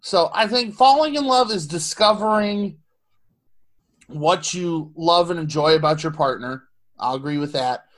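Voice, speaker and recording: A man's voice: fairly high pitch, a little slow, a bit bright. A man in casual chat who asks questions and gives thoughtful answers, often repeating words as he starts. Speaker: podcast co-host asking questions.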